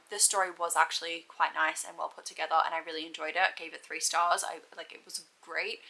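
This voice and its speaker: A woman's voice: lowish voice, gravelly, bright, forceful tone, poor audio. A young Australian woman chatting casually and gushing about books she has read, laughing often. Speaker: book vlogger. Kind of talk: casual chat.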